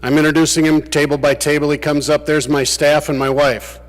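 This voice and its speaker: A state legislator says goodbye to his fellow legislators in a large chamber, recounting anecdotes with dry humor. He talks a little fast in a fairly high voice with little pitch movement. Long reverb from the big room carries his words.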